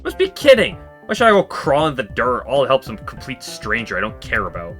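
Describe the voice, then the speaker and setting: A man's voice: medium pitch, wildly swooping pitch, a little fast, a bit bright, soft background music. A man voicing a spoiled, selfish young female heiress who talks bluntly and dismissively. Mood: haughty.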